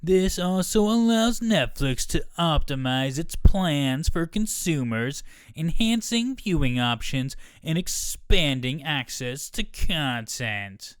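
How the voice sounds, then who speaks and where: A stiff corporate spokesman, as a podcaster puts him on, reads a statement slowly and with formal care. The voice sits higher than a natural speaking tone and stays smooth. The sound is close and dry. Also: lively intonation, no echo. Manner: slow, measured, raised pitch.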